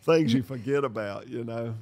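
An older man from North Carolina, hosting a podcast and telling lively stories, acting out the dialogue as he goes. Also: mid-range voice, moderate pace. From North Carolina, USA. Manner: lively storyteller who acts out dialogue and laughs. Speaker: podcast host. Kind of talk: storytelling podcast chat.

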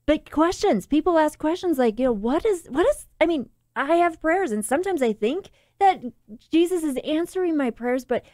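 A woman's voice: high-pitched, expressive, normal speed, a little mellow, no room sound, studio quality. A woman co-hosting a casual faith talk radio show, chatty, laughing often and restarting her sentences. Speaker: radio co-host.

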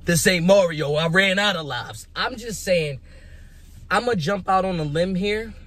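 Young male vlogger, fairly high and husky, emphatic, rhetorical, repeats himself. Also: measured pace, fairly bright tone. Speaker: vlogger making predictions. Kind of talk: casual hyped commentary.

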